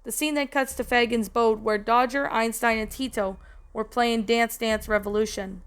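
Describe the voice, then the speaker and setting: A woman's voice: a little high, steady tone, moderate pace, clean tone. A woman reading a fan story aloud in a casual way with a few slips, adding her own comments. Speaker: story narrator and reviewer. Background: background music.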